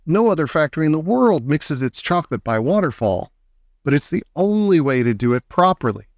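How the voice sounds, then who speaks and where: Guy doing a showy excitable candy-maker voice, high and sing-song, dry close sound. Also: a little fast, no echo. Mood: delighted. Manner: gushing, showy, high and bouncy. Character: eccentric excitable male chocolate maker.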